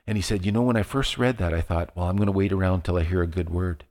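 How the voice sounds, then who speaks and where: A man's voice: low-pitched, fairly even intonation, fast, few pauses, darkish tone, long reverb tail. A man preaching a sermon as a pastor, telling a personal story in a conversational way with frequent restarts. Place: church sanctuary.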